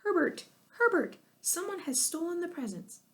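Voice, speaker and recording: A woman's voice: sits high, animated, normal speed, a little mellow, voice pushed up. A woman voicing a bossy, easily panicked mother who hollers at a children's party in a storybook. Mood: frantic. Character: frantic bossy mom hosting a party.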